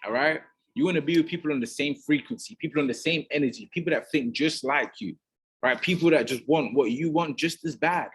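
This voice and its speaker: A man's voice: fairly high pitch, brisk, breathy edge. A man giving an emphatic motivational talk as a business mentor, often checking in with "right?". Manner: emphatic, keeps adding "right?".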